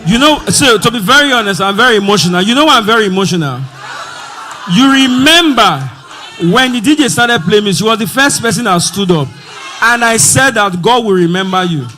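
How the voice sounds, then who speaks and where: A man with a Nigerian accent hosting a live event, loud and joking with the crowd. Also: high voice, animated, brisk, faint music behind. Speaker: event host. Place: conference hall with music and crowd.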